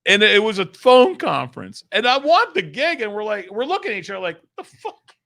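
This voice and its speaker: Man, middle-aged, lively comedian guest, dry close studio sound. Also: sits high, brisk, creaky, dry recording. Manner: energetic, swears casually, laughs a lot. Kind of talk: animated storytelling chat. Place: small studio.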